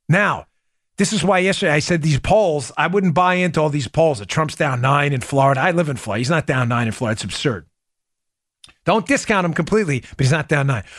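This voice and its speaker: A male podcast host with a high, lively voice that leaps up and down as he drives each point home. He talks straight to his listeners, repeats key phrases for punch and breaks into laughter often. The sound is close and dry, with no room around it. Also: dry recording. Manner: addresses listeners as "folks". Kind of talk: political commentary podcast.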